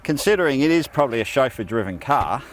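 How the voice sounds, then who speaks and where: A man's voice: mid-range voice, expressive, fast talker. A middle-aged Australian man chatting casually as co-host, laid-back and joking, from inside a car. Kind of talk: casual chat. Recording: noisy car interior.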